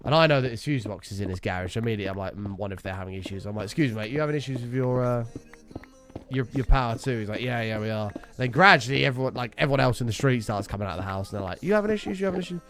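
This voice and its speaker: A man's voice: on the low side, rapid-fire, fairly bright tone. A young man streaming a game, casually telling a story, swearing freely and acting out his own quotes. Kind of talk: casual storytelling while gaming.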